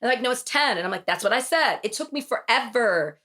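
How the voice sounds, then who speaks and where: A woman's voice: on the high side, expressive, fast talker, sharp tone. A woman with a Southern US accent hosting a podcast in casual chat, restarting sentences and laughing often. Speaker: podcast host.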